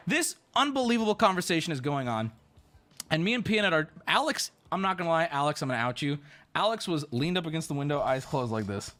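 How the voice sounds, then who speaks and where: An animated man tells a story casually on stream. His pitch leaps all over as he exclaims and swears. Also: quick pace.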